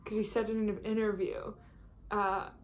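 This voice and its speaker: A woman's voice: medium pitch, flat delivery, normal speed, a little hiss or hum. A woman vlogging in a casual, rambling chat to camera, full of fillers and restarts.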